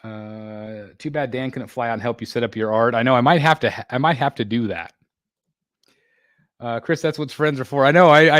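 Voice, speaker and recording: A man's voice: mid-range voice, no echo. Guy hosting a live chat, mid voice, lots of ums and restarts, dead dry sound. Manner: halting, many fillers and restarts, laughs often. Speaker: livestream host. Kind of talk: casual live chat reading viewer comments. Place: home room being built.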